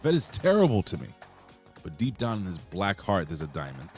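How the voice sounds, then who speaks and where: A man co-hosting a wrestling podcast in casual chat, loud and jokey, swearing as he reads out viewer comments. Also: low-pitched, huge pitch swings, fairly quick, faint music behind. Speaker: podcast co-host reading chat.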